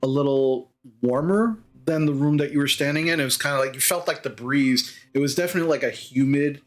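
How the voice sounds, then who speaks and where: A man narrating as the dungeon master of a tabletop game, with a halting delivery full of fillers. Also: on the high side.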